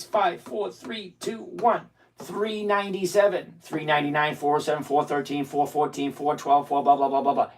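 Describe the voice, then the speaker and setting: A man hosting a stock-trading livestream, talking bluntly and with exasperation, rattling off countdowns and numbers. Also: high voice. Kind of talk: casual livestream talk.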